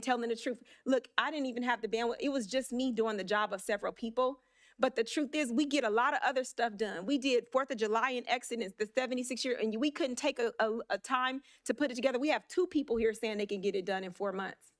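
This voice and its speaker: A woman council member giving an emotional, blunt speech at a city council meeting, with halting restarts. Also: on the high side.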